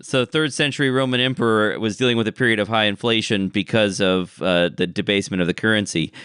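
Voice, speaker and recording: Man, writer of the show, bright forceful tone, dry close sound, chatty. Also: fairly low pitch, steady tone, quick pace, clean tone, no echo. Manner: chatty, explains history with laughs. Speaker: show's writer. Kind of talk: casual chat.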